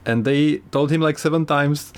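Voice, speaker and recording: A man co-hosting a podcast in casual chat, retelling a story with animated, sarcastic energy and frequent laughs. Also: on the high side, moderate pace. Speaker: podcast co-host.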